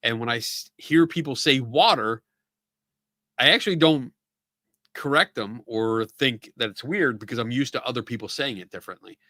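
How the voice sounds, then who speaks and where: Bright, chatty man with a Philly accent. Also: mid-range voice, brisk, no echo, clean studio sound. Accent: Philadelphia. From Philadelphia area. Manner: loose, chatty, with frequent fillers and restarts. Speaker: podcast host. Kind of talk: casual livestream chat.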